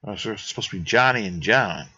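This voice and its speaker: A man's voice: lowish voice, animated, fast talker, pushed and bright, breathy edge, dry recording. A man giving offhand, self-deprecating commentary while playing a video game. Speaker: gameplay commentator. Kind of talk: casual let's-play commentary. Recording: dull dry lo-fi mic.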